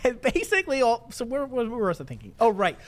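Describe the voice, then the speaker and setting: Young man, lively explaining. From Canada. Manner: explains quickly with many restarts, lively pitch. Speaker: co-host. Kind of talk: casual chat.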